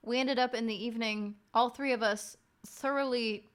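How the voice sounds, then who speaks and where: A woman's voice: a little high, fairly even intonation, normal speed, fairly bright tone. A woman streamer telling a wild family story in casual chat, dramatic and profane.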